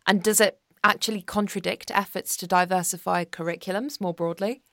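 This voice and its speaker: Woman asking measured interview questions. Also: mid-range voice, fairly even intonation, gravelly, fairly bright tone, no echo, clean studio sound. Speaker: interviewer host.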